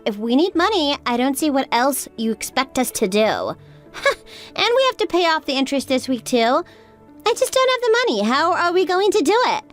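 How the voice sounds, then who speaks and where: A woman playing a worn-down young wife who talks in an anxious, pleading way. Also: high-pitched. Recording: faint background music.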